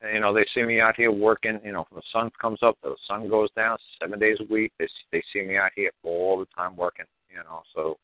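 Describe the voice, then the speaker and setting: Rattling off a casual story at speed, a low-voiced New Yorker guesting on a podcast keeps dropping "you know" between blunt, profane lines. His tone stays steady and tinny, phone-like and dry, with no room sound at all.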